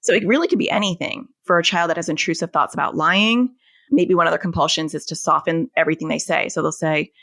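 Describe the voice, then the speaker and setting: A woman's voice: sits low, steady tone, quick pace, a bit bright, no echo, clean studio sound. A woman therapist, a guest on an interview podcast, explaining things and illustrating them with everyday family examples. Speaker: anxiety and OCD therapist, guest.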